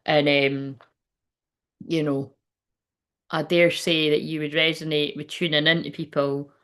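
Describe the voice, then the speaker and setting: A woman's voice: low-pitched, flat delivery, measured pace, fairly bright tone, clear, resonant tone. Lady doing a psychic livestream, rambly and sweary, talks to chat like friends. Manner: chatty, rambling, laughs often, swears. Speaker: psychic medium host. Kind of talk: casual livestream reading.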